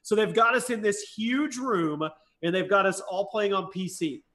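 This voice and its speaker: High-voiced man telling a lively story. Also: moderate pace. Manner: animated storyteller, swears freely. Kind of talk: casual gaming podcast chat.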